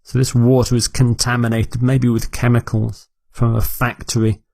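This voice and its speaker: A man teaching English vocabulary, repeating each word clearly and explaining it for learners. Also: medium pitch, flat delivery, moderate pace, darkish tone, no echo. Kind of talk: slow, deliberate vocabulary lesson.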